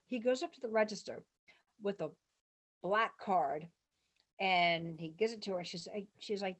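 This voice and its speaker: A woman guest in an interview, telling long rambling stories and acting out what people said in lively voices. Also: medium pitch, moderate pace. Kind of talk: casual storytelling interview.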